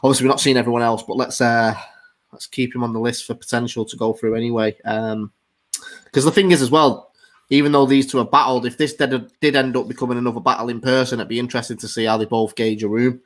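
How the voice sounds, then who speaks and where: A man's voice: mid-range voice, fairly even intonation, fast talker. A man hosting a rap battle judging panel, casual and hesitant with lots of ums.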